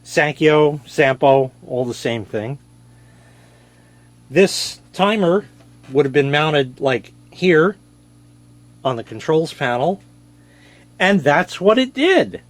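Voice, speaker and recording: A man's voice: a little high, big pitch swings, takes it slowly, pauses often, no echo. A man casually showing an old gadget on camera, joking and mocking himself as he rambles. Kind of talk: casual show-and-tell.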